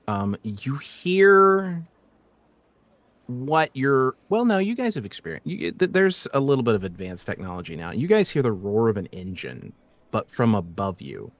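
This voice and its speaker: A man narrating as game master in a tabletop session, his pitch rising and falling a lot as he describes the scene. He hesitates often and restarts his sentences. The sound is dry and close, with no room around it. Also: dry recording. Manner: halting, full of ums and restarts.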